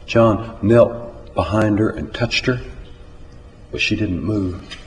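Slow-telling man in an echoing hall. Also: fairly low pitch, a little hiss or hum. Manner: slow, measured telling that climbs to loud urgency. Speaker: storyteller. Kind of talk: live spoken storytelling. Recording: echoey hall with faint ambience.

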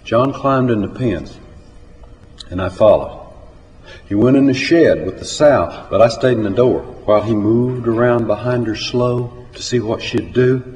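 Slow-telling man in an echoing hall. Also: medium pitch, slight background noise. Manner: slow, measured telling that climbs to loud urgency. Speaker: storyteller. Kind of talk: live spoken storytelling. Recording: echoey hall with faint ambience.

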